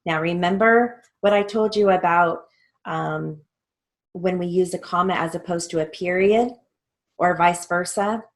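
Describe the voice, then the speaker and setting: A woman's voice: lowish voice, unhurried. A woman, a court reporting instructor, walking through a transcript line by line and naming each punctuation mark as she reads it aloud. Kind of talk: recorded theory lesson walkthrough.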